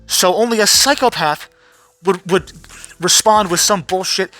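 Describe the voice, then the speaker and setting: A man's voice: sits high, a little slow, bright, forceful tone, no room sound, faint music behind. Blunt, sweary male vlogger. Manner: blunt, sarcastic, swears freely. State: tired. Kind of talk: casual profane rant.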